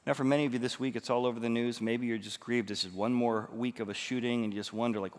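A pastor preaching a sermon, moving between hushed storytelling and loud, emphatic passages. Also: male voice, mid-range voice, fairly even intonation, fast talker, hardly any pauses. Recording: long reverb of a large hall.

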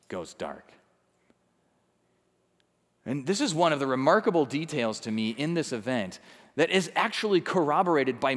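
A man preaching a sermon, swinging from loud intensity to hushed quiet and acting out the people he quotes. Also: mid-range voice, big-room sound. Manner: acts out quoted people in conversational asides. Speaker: pastor.

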